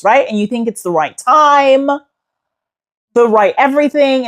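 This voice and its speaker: A woman from New York City talks in a casual, chatty voice note. Her American accent carries a slight British tinge. She tells her stories in a sassy, joking, animated way, like a friend confiding. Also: on the high side. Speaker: host.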